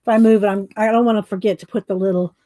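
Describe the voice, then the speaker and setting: A woman's voice: mid-range voice, fairly even intonation, rapid-fire, mellow, no echo. A woman chatting casually on a livestream, short of breath and exclaiming as she reads viewer comments. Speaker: livestream host.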